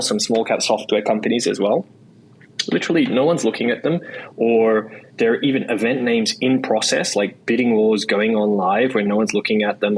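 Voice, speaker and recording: Fast-talking Australian man. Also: medium pitch, slight background noise, poor audio. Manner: quick, loose talk full of "like" and "right?"; restarts and repeats words. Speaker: podcast guest, investor. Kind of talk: casual interview chat.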